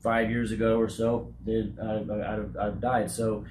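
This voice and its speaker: A man in his forties, owner of a roofing company, speaking candidly in an interview, halting and repeating words as he talks. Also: fairly low pitch, level tone, darkish tone. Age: 40s. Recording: echoey room with noise.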